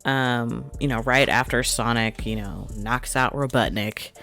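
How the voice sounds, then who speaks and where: A young woman hosting a podcast, telling a movie story in a casual, animated way with frequent laughter. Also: a bass voice, measured pace, gravelly, faint music behind. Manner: animated storyteller, laughs often, acts out quotes. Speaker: podcast host reviewing a movie. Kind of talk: casual chat.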